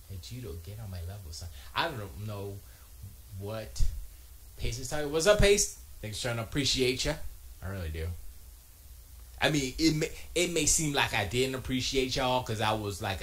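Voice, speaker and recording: A man's voice: mid-range voice, fairly bright tone. Man rambling and joking on a livestream. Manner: rambling and joking, with muttered asides to himself. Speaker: live streamer reading chat. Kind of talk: casual livestream chat. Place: home music studio.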